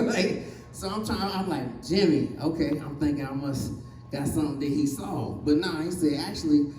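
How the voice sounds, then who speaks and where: A man's voice: on the high side, moderate pace, a little mellow, reverberant, far from the mic, soft background music, rough recording. A man in his forties doing a stand-up comedy set, telling family stories and acting out his relatives' voices. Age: 40s. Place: comedy stage.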